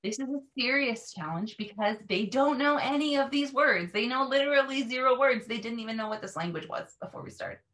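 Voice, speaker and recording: A woman's voice: on the high side, animated, a little fast, few pauses, a bit bright. A woman language teacher explaining her classroom method in an earnest, emphatic way. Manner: earnest, emphatic, models repeated words.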